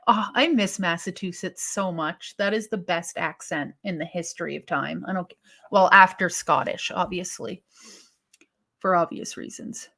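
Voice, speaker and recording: A woman's voice: on the low side, normal speed, vocal fry, bright, forceful tone. A woman co-hosting a wrestling live stream, chatting casually and thinking aloud with sighs and restarts as she reacts to viewer comments.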